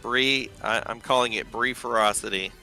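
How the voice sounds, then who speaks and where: Bright-voiced man running a tabletop game. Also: medium pitch, moderate pace, gravelly, soft background music. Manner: loose, rambling narration with many fillers. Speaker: game master.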